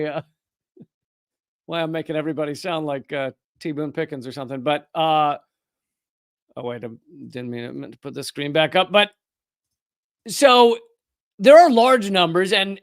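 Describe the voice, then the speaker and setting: A man's voice: a little high, moderate pace, fairly bright tone, smooth, no room sound, clean studio sound. A man hosting a live-streamed commentary show, rambling and correcting himself, with sarcastic asides. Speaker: political commentator host.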